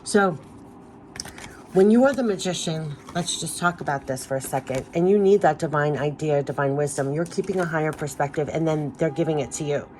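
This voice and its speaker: A woman's voice: low-pitched, a little fast, darkish tone, slight background noise. A woman doing an emotional spiritual card reading, talking in a gushing, emphatic way and repeating phrases, her voice giving out. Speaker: tarot card reader.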